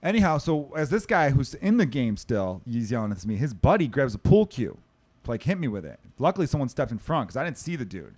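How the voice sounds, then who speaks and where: A man's voice: mid-range voice, very animated, darkish tone. A man in his thirties with a Chicago accent, hosting a casual podcast chat, telling stories and swearing freely. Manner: fast, storytelling, swears freely. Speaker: podcast host.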